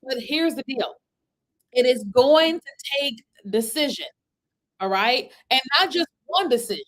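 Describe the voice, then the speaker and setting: Woman, high voice, animated livestream coach, keeps asking the audience "right?", webcam. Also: a little slow, rough recording. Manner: animated, chatty, asks the audience for replies, frequent "right?" and "okay?". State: itchy from an allergy. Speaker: content creation coach. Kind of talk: livestream talk to viewers. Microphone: computer webcam.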